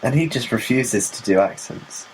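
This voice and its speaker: A man's voice: medium pitch, lively intonation, normal speed, darkish tone, a little hiss or hum, low-quality recording. Giggly man chatting on a podcast. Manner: chatty and giggly, swears, acts out quoted lines in raised voices. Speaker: podcast co-host. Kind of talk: casual chat.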